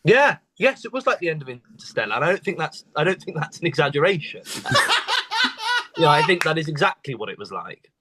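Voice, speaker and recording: A man on a video call as a podcast guest, rambling and self-deprecating with halting restarts. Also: a little high, big pitch swings, heavy background noise. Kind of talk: casual chat.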